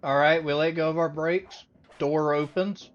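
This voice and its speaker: A woman hosting a reaction video, giving animated, incredulous commentary. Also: low voice, measured pace, muffled recording. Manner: animated, incredulous, breaks into laughter.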